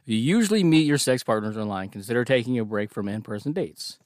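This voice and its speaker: A man's voice: medium pitch, expressive, quick pace, a little mellow, dry recording, clean studio sound. A man co-hosting a podcast, joking and laughing as he reads notes aloud in casual banter. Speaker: podcast co-host.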